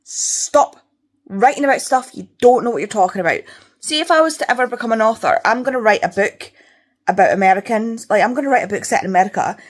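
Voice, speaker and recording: A young Scottish woman talking casually in a home reading vlog, chatty and prone to swearing rants. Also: medium pitch. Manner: chatty, ranting, swears freely. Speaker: book vlogger.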